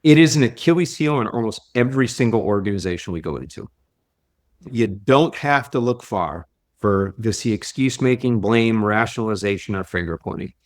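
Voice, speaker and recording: A man who works as a leadership coach, speaking as a podcast guest. He tells stories in an animated way and often repeats and restarts his words. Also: on the low side, normal speed. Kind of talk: conversational interview storytelling.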